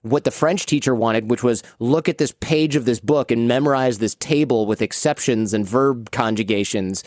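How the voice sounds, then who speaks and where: Brief: American man, late 30s, animated storytelling guest, close dry studio sound. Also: mid-range voice, dry recording. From United States. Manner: lively storyteller, quick asides. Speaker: podcast guest. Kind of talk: storytelling interview.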